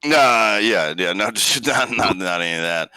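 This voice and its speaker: A man's voice: on the low side, lively intonation, normal speed, sharp tone. A young adult man playing a tabletop game, talking in a brash, joking, profane way. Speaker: player. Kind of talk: casual tabletop chat.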